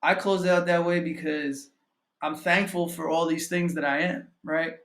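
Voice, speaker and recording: A man with a fairly high voice talks through affirmations in a casual motivational style. He keeps checking in with "right?" as he explains. The room is echoey and lively around him. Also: normal speed. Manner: keeps asking "right?" as a tag; reads affirmations in a steady list. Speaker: mindset coach and trader.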